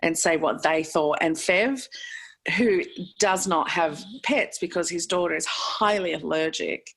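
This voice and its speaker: An Australian woman in casual podcast chat, a lively storyteller who swears freely and laughs often. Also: lowish voice, a little slow, vocal fry, a little hiss or hum.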